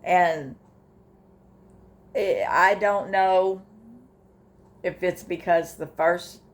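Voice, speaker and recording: An older woman, talking casually in a personal vlog, halting with fillers and restarts, emotional and close to tears at times. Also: lowish voice, steady tone. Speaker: vlogger sharing her grief journey.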